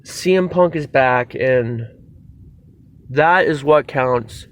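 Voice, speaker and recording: A man reviewing a wrestling show in a casual video, excitable and rambling, swearing freely as he goes. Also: medium pitch, slow pace.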